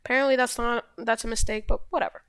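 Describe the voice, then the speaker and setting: A woman's voice: a little high, fairly even intonation, fast talker, a bit bright, clear, resonant tone, dry recording. A woman casually walking through chess positions, rambling and correcting herself, shrugging off mistakes with a loose, offhand manner. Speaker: chess video host. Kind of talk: casual chess game walkthrough.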